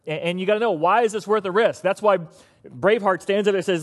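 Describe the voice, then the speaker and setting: A middle-aged man preaching a sermon in a conversational, humorous way, with lively bursts. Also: sits high, fast. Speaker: pastor.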